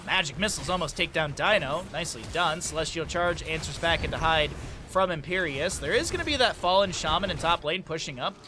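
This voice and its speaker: A man casting an esports match solo, excitable on big plays and joking with chat between them. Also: a little high, fairly quick, noisy background. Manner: chatty, jokes with viewers between plays. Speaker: esports caster. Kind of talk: solo play-by-play commentary with chat asides.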